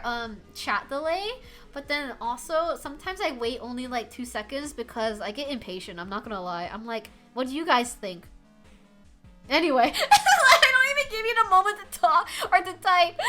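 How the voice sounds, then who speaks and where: A woman's voice: high voice, bright, forceful tone. A young woman streamer chatting casually and rambling into a headset mic, with a slight lisp from her retainers, laughing often and swearing casually. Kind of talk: casual live-stream chat. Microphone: headset microphone at a home streaming setup.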